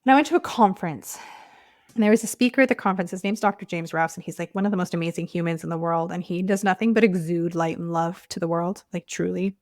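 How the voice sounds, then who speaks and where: A woman's voice: on the low side, fast talker, no room sound, clean studio sound. A woman hosting a personal podcast, telling her story in a heartfelt, casual way and often dropping to a near whisper. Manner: casual, frequent "like" fillers. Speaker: podcast host and clinic owner.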